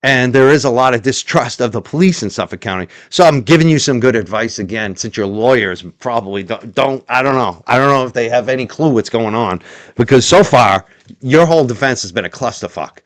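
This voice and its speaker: A man's voice: mid-range voice, animated, fairly quick, dry recording, clean studio sound. A man hosting a heated commentary stream, taunting and swearing and hammering rhetorical questions. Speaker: show host.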